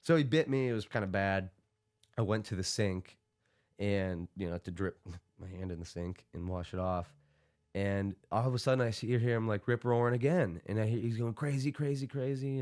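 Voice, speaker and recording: A man's voice: lowish voice, darkish tone. A young man, a podcast guest, telling a story casually, rambling and laughing through it with many fillers.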